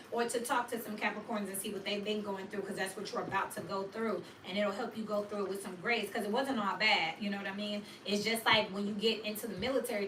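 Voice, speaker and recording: A woman giving a casual, slangy tarot reading for her viewers, chatty and animated. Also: mid-range voice, echoey room, far from the mic, slight background noise, poor audio. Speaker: tarot reader.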